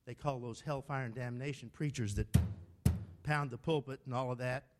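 An older man preaching a sermon from the pulpit, emphatic, urging the congregation to recite with him and shouting lines for emphasis. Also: medium pitch, fairly even intonation, moderate pace, over loud music. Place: church sanctuary at the pulpit.

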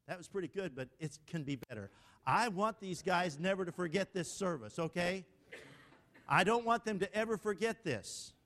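Older guy preaching at the pulpit, slightly high voice, pushy, gets everyone reciting along. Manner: emphatic, urging the congregation to recite along; shouts verse lines for emphasis. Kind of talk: sermon. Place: church sanctuary at the pulpit.

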